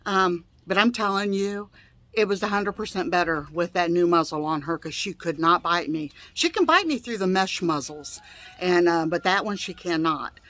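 A woman's voice: fairly low pitch, lively intonation, normal speed, a bit bright, dry recording. Chatty, folksy woman vlogger. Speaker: vlogger grooming her own dog. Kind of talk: casual chat to camera.

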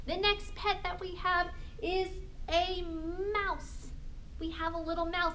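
A woman librarian leading a storytime for young children, talking in an animated, exaggerated sing-song way. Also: very high voice, slow, slight background noise.

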